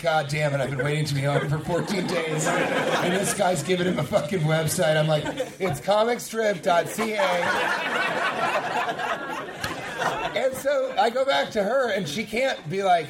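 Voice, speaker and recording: A comedian in his thirties co-hosts a live podcast on a venue stage, his voice on the high side. He tells animated stories, acting out the people in them and laughing often. The recording is very noisy, with loud crowd laughter from the live show.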